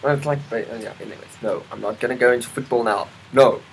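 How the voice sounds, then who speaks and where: Quick and medium-pitched with vocal fry, a man from South Africa rambles through a casual vlog, stopping and restarting, saying um a lot and tossing in side comments, weather asides among them. The audio quality is poor, with a little hiss or hum.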